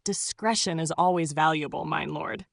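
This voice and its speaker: A woman voicing a brilliant male detective who speaks in a crisp, decisive way. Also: sits low, normal speed, dry recording. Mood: suave disguise.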